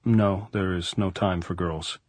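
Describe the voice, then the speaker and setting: Guy reading a curt young bridge-blower, clipped and reserved, lowish dry voice. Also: fairly even intonation, measured pace, darkish tone, dry recording. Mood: guarded. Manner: terse, guarded replies.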